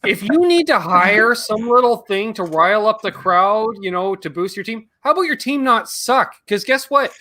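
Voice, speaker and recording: A man's voice: high-pitched, expressive, moderate pace, few pauses, sharp tone. A man from Canada hosting a video-call chat, blunt and profane in his remarks. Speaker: host. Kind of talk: casual chat.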